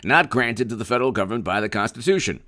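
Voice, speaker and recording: A man's voice: medium pitch, animated, quick pace, fairly bright tone. A man hosting a political commentary livestream, talking in a sarcastic, rambling way with stammered repeats.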